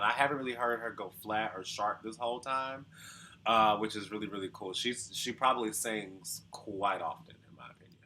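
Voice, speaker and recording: A man's voice: lowish voice, fairly even intonation, normal speed, pushed and bright, a little hiss or hum. A man talking as a vocal coach in casual reaction commentary, explaining thoughtfully with lots of hedging and sometimes singing short demos.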